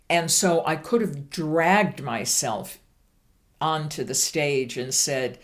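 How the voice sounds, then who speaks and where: A woman minister giving an earnest, deliberate sermon on a church livestream. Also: sits low. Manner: slow, deliberate, earnest delivery.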